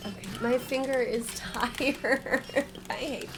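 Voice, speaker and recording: A woman's voice: on the high side, fairly even intonation, takes it slowly, rough recording. Giggly young woman, game stream chat. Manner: giggly, chatty. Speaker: streamer co-host. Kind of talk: casual chat while gaming.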